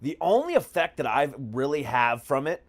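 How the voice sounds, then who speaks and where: A man's voice: mid-range voice, big pitch swings, normal speed. Candid, crude male podcast host. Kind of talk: casual podcast chat.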